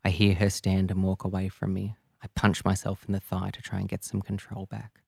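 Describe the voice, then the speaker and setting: A man tells a first-person audio drama in an intimate, raw and confessional voice. His voice is low and gravelly, recorded close and dry with no room around it. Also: completely flat delivery, brisk, warm tone, no room sound. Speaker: narrator.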